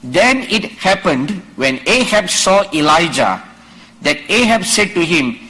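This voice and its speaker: Lively, dramatic male preacher. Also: a little high, measured pace, poor audio. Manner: dramatic, acts out Bible dialogue, rises to shouts. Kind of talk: sermon. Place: conference stage.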